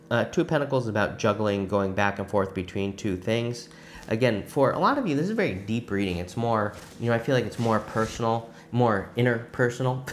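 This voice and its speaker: A man with a somewhat low voice walks his audience through a weekly tarot reading. He talks in a relaxed, musing way, often stopping to share what he feels. A faint hiss sits under the recording. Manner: conversational, musing, many "I feel" asides. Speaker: tarot reader.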